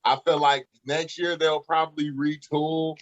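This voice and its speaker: Calm man explaining sports moves. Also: a little high, unhurried. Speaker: podcast co-host. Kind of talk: casual sports debate. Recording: dull lo-fi podcast audio.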